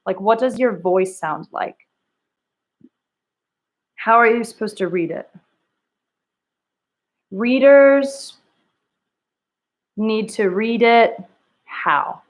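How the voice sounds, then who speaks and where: Woman teacher walking kids through punctuation, thinks out loud, asks lots of questions. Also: medium pitch, normal speed. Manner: thinks aloud, rereads lines in different tones; friendly, coaxing questions to students. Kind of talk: online reading lesson.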